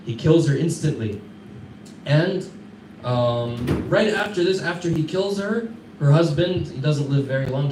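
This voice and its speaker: Man telling a story in an echoey classroom. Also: medium pitch. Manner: casual animated retelling with Arabic fillers. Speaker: Islamic class teacher. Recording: echoey room, distant mic, background noise.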